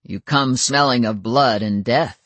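An audiobook narrator voicing a reserved werewolf man who speaks in flat, measured, formal tones. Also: mid-range voice, no room sound. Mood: grave. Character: calm, stern male werewolf elder, few words.

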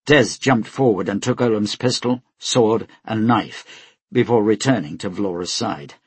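Husky male audiobook narrator. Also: fairly low pitch, dry recording. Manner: steady, measured storytelling. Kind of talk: scripted narration.

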